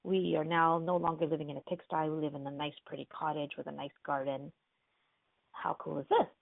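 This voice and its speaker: A woman's voice: sits low, flat delivery, fairly quick, gravelly, no room sound. Woman doing a timid, awestruck fisherman. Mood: awed. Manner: hesitant, sheepish, gushing when amazed. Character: timid, apologetic fisherman husband, easily awed. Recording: dry, tinny phone-like line.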